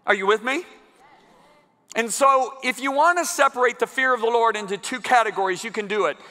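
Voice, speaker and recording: A man preaching a sermon to a congregation in a large church, emphatic and building to loud climaxes. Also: extremely high pitch, brisk. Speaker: guest preacher. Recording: long church hall reverb.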